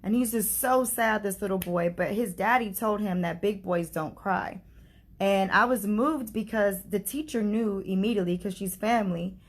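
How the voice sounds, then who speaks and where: In a casual vlog, a mother in mourning earnestly recounts a personal story, chatting freely and filling her speech with "like" and "you know." She has a mid-range voice and talks at normal speed.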